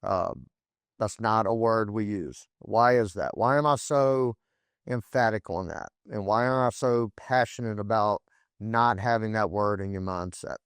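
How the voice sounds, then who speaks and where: A man in his forties hosts a solo podcast in a lowish, smooth voice, speaking a little slowly. He talks emphatically, often restarting and repeating words. The sound is studio quality with no echo.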